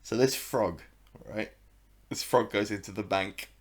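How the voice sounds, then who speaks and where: A man's voice: lowish voice, a little slow. A British man co-hosting a podcast, chatting in a rambling, laughing way. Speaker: podcast co-host. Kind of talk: casual chat.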